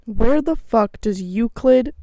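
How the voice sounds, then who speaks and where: A woman's voice: fairly high pitch, expressive, slow, dark tone, no room sound. A woman co-hosting a casual podcast chat, rambling with fillers and restarts. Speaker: podcast co-host.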